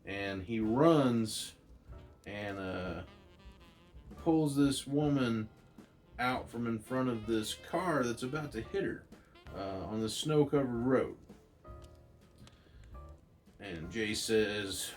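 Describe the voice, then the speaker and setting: A man casually retelling a comic book story aloud, in a loose way full of "uh"s and restarts. His voice is fairly low and he takes his time, with soft guitar music in the background. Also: slow pace, long pauses. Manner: loose, filler-heavy retelling. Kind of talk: casual read-aloud narration.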